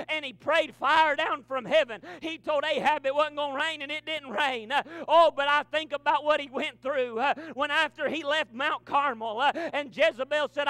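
A man preaching in a church, his voice extremely high for a man and bright, almost piercing. He talks in a rolling cadence broken by constant "uh" fillers and rises into emphatic appeals to the congregation. The sound is close and dry. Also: no echo. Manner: builds to rousing, emphatic calls to the congregation. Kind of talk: sermon. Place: church sanctuary.

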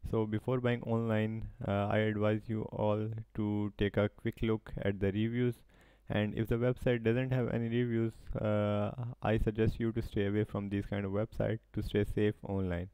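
Flat, low-voiced man reviewing websites. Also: normal speed, few pauses, clear, resonant tone, dry recording. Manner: hesitant, frequent "uh" fillers. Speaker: website review channel host. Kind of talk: scripted review monologue.

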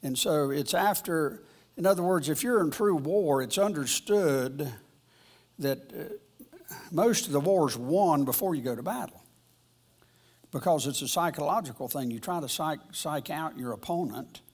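A man leads a church Bible lesson in a loose, conversational way. His voice is husky and a little breathy, and he wanders through his points, pausing and circling back to restart his sentences. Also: fairly high pitch, animated, darkish tone. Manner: rambling, halting, with frequent restarts. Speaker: church teacher. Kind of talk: informal Bible teaching.

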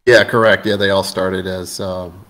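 A man's voice: low voice, level tone, unhurried, fairly bright tone. A man talking casually as an interview guest about his game adventures, rambling with fillers and restarts.

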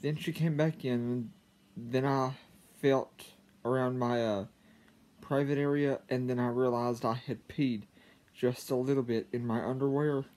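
A man telling a personal story to his viewers, halting, with frequent stammers and restarts. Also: mid-range voice, fairly even intonation, a little mellow. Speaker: vlogger. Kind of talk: casual storytelling to camera.

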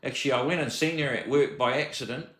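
A man's voice: mid-range voice, quick pace, a bit bright. Agitated New man, echoey room. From New Zealand. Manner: agitated, rambling, with frequent restarts and swearing. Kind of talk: personal storytelling to camera.

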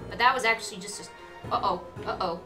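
A woman's voice: medium pitch, quick pace, bright, forceful tone, faint music behind. A woman streaming a game, chatting casually and giggling with her viewers. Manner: chatty, giggly, talks to chat. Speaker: gaming streamer. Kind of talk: casual live-stream commentary. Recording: echoey room, distant mic, faint noise.

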